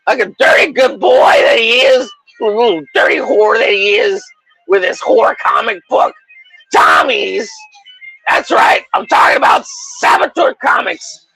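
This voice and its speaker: Man, livestream host, casual chat, crude mock-bullying banter, bright edgy voice, swings wildly up and down. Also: extremely high pitch, huge pitch swings, normal speed, creaky, breathy edge, soft background music, poor audio.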